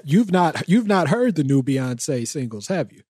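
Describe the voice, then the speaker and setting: A man's voice: fairly high pitch, big pitch swings, unhurried, mellow, no room sound, clean studio sound. Slangy, teasing podcast host man. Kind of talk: casual chat.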